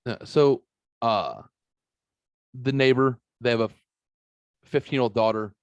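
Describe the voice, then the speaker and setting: Recorded dry and somewhat muffled, a middle-aged man with a medium-pitched voice speaks a little slowly as host of a podcast. He tells a long, profane story in a casual chat, animatedly quoting the people in it with their own voices.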